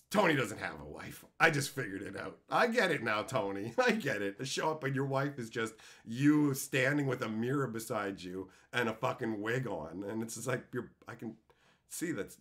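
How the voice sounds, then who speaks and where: A man's voice: mid-range voice, big pitch swings, moderate pace, fairly bright tone. A man in his thirties hosting a live stream, ranting at his chat with crude, mock-angry banter. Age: 30s. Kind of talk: live stream chat while opening card packs.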